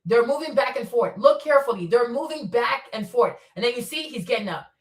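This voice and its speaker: A woman's voice: on the high side, animated, brisk, reverberant, far from the mic. A woman streamer commenting on footage in a casual, insistent way, repeating herself as she points out details step by step.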